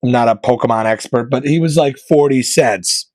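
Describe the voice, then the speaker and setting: A man hosting his own podcast, joking through casual rambling asides in a deadpan way, from northeastern Pennsylvania. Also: mid-range voice, moderate pace, no room sound. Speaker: podcast host. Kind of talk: casual comedic monologue.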